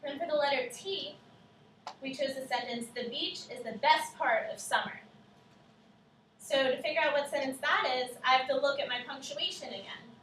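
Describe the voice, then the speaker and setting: A woman co-teaching a class, explaining clearly step by step and asking the children questions. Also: high voice, moderate pace, fairly bright tone, a little hiss or hum. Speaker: student teacher. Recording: echoey classroom from far off.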